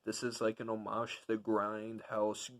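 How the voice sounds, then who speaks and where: A man's voice: fairly low pitch, monotone, unhurried, fairly bright tone, rough recording. A young man giving a casual, rambling film review, full of fillers and enthusiastic asides. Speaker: movie reviewer.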